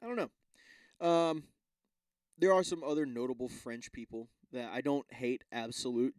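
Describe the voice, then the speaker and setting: A man's voice: mid-range voice, unhurried, a little mellow, clean tone, no echo. A young man hosting a solo podcast, chatting casually and rambling, swearing often and stumbling as he reads text aloud. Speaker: podcast host.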